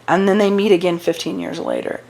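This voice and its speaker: Young woman, slightly low voice, losing her voice, casual book chat, rambling. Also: brisk, vocal fry, a little mellow. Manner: chatty, rambling with fillers and restarts. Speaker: book vlogger.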